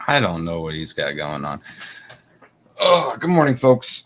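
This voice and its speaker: A man's voice: low-pitched, wildly swooping pitch, measured pace, fairly bright tone. A man co-hosting a casual livestream chat, chiming in with dry, wry comments. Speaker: livestream co-host.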